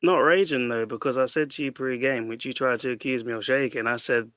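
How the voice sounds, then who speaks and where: A man's voice: mid-range voice, steady tone, fairly quick, a bit bright, clear, resonant tone, no room sound. Sweary man ranting about football, dry sound. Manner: ranting, sweary, restarts a lot. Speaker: podcast panelist. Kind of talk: casual football debate.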